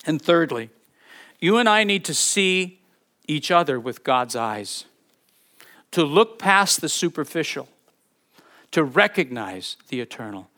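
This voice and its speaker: A man's voice: a little high, sing-song, bright, forceful tone. A man preaching a sermon as a pastor, earnest and fervent, who leads a closing prayer and blessing. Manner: earnest, fervent, slowing to read scripture aloud.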